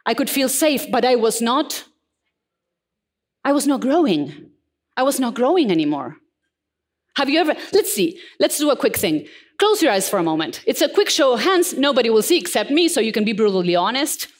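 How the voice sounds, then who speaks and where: A woman in her forties giving a motivational keynote talk, telling stories and putting questions to the audience with emphasis. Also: high-pitched. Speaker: motivational speaker.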